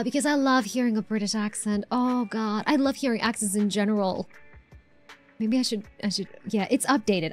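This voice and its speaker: A woman live-streaming a game, chatting casually and answering her chat with lots of fillers and restarts. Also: on the high side.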